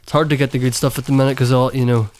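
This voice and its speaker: Male guest, relaxed and easygoing, middle-range voice. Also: mid-range voice, racing, slight background noise. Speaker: musician and studio producer, guest. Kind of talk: casual chat.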